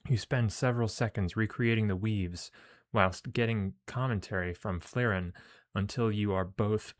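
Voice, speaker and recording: A man with a fairly low voice plays through a space game, reading its story passages aloud. Between passages he mutters casual asides, often quietly. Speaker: game streamer. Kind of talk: let's play, reading game text aloud.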